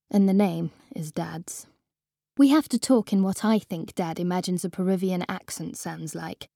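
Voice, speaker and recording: A woman reading a storybook aloud as an expressive first-person narrator. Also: mid-range voice, gravelly, no echo, clean studio sound. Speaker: audiobook reader.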